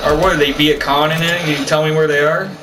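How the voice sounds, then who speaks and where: A man's voice: on the high side, steady tone, quick pace, far from the mic. A man gaming with his sister, teasing her and trash-talking while he plays. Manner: teasing trash talk, laughing. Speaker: gamer playing with his sister. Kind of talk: casual gaming chat. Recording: echoey room, voice off-mic, noisy.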